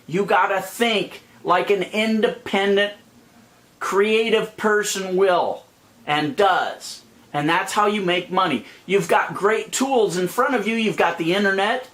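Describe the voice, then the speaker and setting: A middle-aged man with a fairly high-pitched voice delivers an angry, profane rant straight to his viewers. He is blunt and calls himself a plain speaker. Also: measured pace, fairly bright tone. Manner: angry, blunt and profane, calling people idiots. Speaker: YouTube money-making vlogger. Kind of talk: ranting monologue to viewers.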